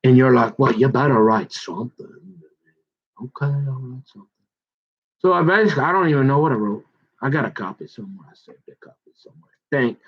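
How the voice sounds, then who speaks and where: A man talking in a rambling personal monologue, halting and restarting and often acting out bits of dialogue in a raised voice. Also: mid-range voice, expressive, slightly rough, highs cut off. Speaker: vlogger.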